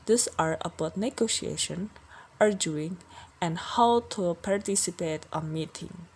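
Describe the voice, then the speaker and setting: A young woman acting as a company department head in a scripted role-play, giving a measured training presentation and reading example phrases as a list. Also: fairly low pitch, darkish tone, husky. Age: young adult.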